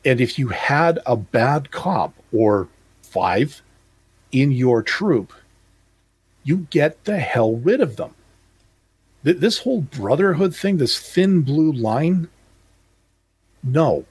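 A man in his fifties from Calgary, Canada co-hosts a podcast in a casual chat, speaking bluntly and emphatically with stumbling restarts. His mid-range voice is husky and darkish, sing-song in rhythm, slow, with long pauses.

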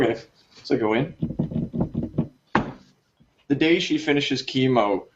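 A man casually telling a long funny story to friends, jumping up in pitch when he acts out his own reactions. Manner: animated, jumps high for quoted reactions. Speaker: podcast co-host telling a story. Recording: dull lo-fi recording.

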